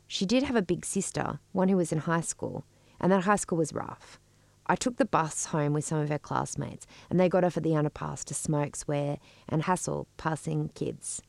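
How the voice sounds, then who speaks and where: Low gravelly woman telling a story. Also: darkish tone, dry recording. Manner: measured, wry storytelling. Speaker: storyteller and podcast co-host. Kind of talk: personal story narration.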